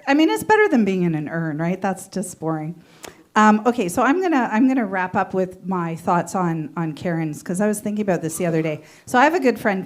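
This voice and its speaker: A woman's voice: lowish voice, darkish tone. A woman doing an open mic stand-up set, wry and conversational, second-guessing her own jokes. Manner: wry, conversational, self-questioning. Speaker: stand-up comedian. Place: small comedy venue.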